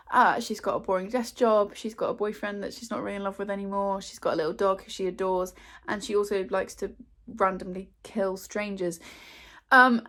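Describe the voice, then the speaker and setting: A young woman from England chatting to camera, with a chatty, self-deprecating manner and many fillers. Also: mid-range voice. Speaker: booktuber. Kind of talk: casual chat to camera.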